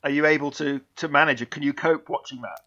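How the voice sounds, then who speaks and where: A man's voice: fairly high pitch, fairly even intonation, fast, bright, forceful tone, highs cut off. A man hosting an interview, asking brief, jokey prompting questions. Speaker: host.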